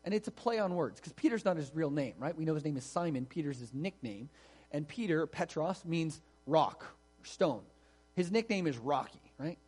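A man's voice: on the high side, animated, moderate pace, a little mellow, slightly rough. A man preaching a sermon in an explanatory, conversational way, stressing key words. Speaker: pastor.

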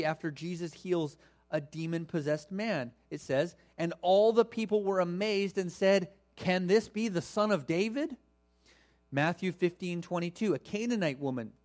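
A man preaching a sermon to a congregation, teaching in a conversational, animated way with casual asides. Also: a little high. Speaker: pastor.

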